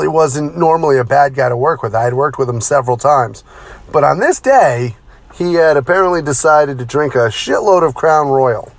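A middle-aged man, a former pro wrestler, telling stories in a brisk, conversational, self-deprecating way. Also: medium pitch. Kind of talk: casual storytelling.

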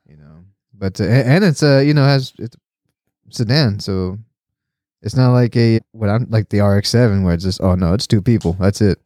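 Cursing rambling guy on a podcast, mellow dark voice, laughs a lot, dry sound. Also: lowish voice, normal speed, no echo. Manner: profane, rambling, laughs often, animated when complaining. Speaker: podcast host. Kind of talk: casual chat.

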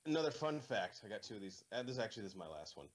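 A man's voice: fairly low pitch, big pitch swings, very fast. A man hosting a casual movie commentary, joking and offhand, with lots of fillers.

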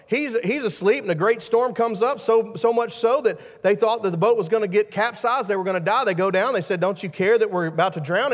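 A man's voice: high voice, long reverb tail. A man preaching a sermon who often restarts and repeats words and asks his listeners questions.

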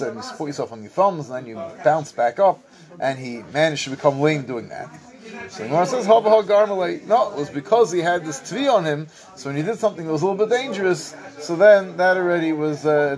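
A man's voice: on the high side, darkish tone. Man teaching Talmud in sing-song study cadence. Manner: reads Aramaic text then translates in a sing-song study cadence.

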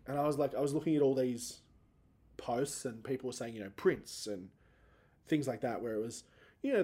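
The dark, mid-range voice belongs to a thirtysomething man running a podcast alone. He wanders through his thoughts, makes fun of himself, and his voice breaks upward in emotional moments.

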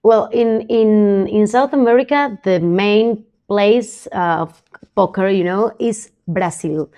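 Argentine woman talking in halting English. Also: medium pitch, mellow. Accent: Argentine Spanish. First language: Spanish. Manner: halting, searching for words, frequent laughs. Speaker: guest, professional poker player. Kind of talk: casual interview chat.

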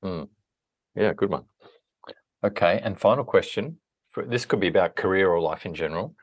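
A podcast host with a low-pitched voice speaks at a normal speed. He interviews a guest, asks questions, and then wraps up with friendly, reflective closing narration.

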